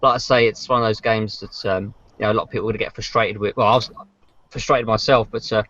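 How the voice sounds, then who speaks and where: A man's voice: fairly low pitch, fairly even intonation, quick pace, fairly bright tone. A man co-hosting a podcast, chatting casually about racing games in a rambling way with many restarts. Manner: rambling, frequent fillers and restarts. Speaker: podcast co-host. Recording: dull lo-fi podcast audio.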